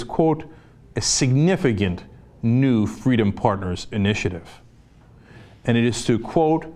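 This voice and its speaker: Animated, ranting political commentator man. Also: medium pitch. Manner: fired-up, sarcastic ranting. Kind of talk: impassioned opinion monologue.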